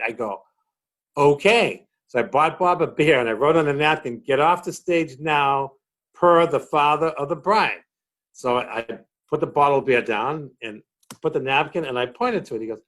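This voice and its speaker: Boston comic guy, middle-aged, telling stories, voice bouncing all over, bit high. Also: moderate pace. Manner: animated storyteller acting out quotes. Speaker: comedian guest. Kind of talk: casual chat, storytelling.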